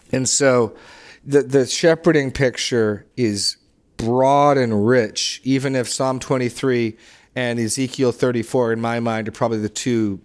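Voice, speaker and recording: A man leading a Bible study discussion, enthusiastic and emphatic, often restarting and repeating words as he teaches. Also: mid-range voice. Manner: emphatic when stressing scripture phrases.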